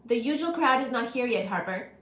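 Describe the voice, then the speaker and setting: A woman hosting a casual livestream, talking in an animated, playful way, greeting viewers in quick repeated bursts and reading out their comments. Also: a little high, reverberant. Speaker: livestream host.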